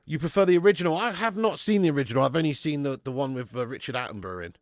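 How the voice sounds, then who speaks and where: A man's voice: on the high side, expressive, very fast, no room sound, studio quality. A man hosting a live football watch-along, reading the chat and chatting with viewers in a casual, sweary way, calling everyone mate and laughing often.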